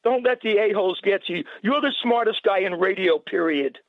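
High-voiced male caller on a tinny phone line. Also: slight background noise. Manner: slow, gushing fan. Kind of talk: phone-in call.

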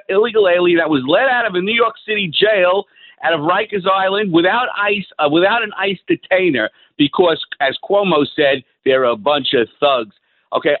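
A man calling in to a radio talk show, ranting in an agitated, halting way with lots of restarts. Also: a little high, dry recording. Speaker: caller. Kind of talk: call-in radio rant. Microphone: phone. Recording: tinny phone line.

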